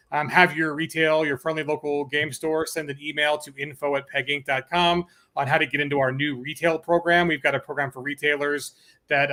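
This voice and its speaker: Bright, chatty man hosting a livestream. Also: on the high side. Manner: chatty, upbeat, many fillers. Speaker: host of a publisher's launch stream. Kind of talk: casual livestream pitch.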